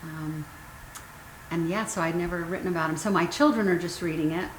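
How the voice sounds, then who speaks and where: A woman in her fifties, a guest author telling her personal story candidly and emotionally. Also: on the low side. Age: 50s. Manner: earnest, emotional, pauses with ums. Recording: roomy sound with faint noise.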